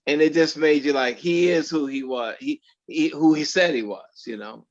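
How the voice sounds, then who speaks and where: A man telling stories in an interview, animated and acting out the dialogue he quotes. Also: fairly high pitch, normal speed, muffled recording. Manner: animated storyteller who acts out quoted dialogue. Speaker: actor guest. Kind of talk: storytelling in an interview.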